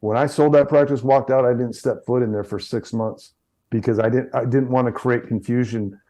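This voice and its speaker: A man's voice: mid-range voice, fairly even intonation, normal speed, dark tone. A middle-aged man, a chiropractor, talking in an interview and telling anecdotes, often repeating words and restarting sentences. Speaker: chiropractor guest. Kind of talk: interview conversation.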